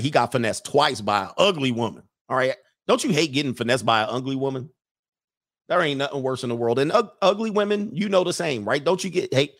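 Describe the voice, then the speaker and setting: A man's voice: medium pitch, a bit bright, no room sound, studio quality. A man hosting a casual livestream, reading chat comments aloud and riffing on them in a brash, joking way, laughing often.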